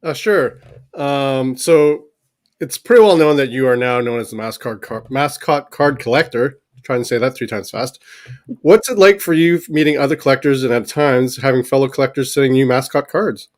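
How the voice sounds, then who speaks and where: A man co-hosts a casual interview and asks the guest questions. He talks in a relaxed way and jokes at his own expense. His pitch sits in the middle for a man. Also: normal speed. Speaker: co-host.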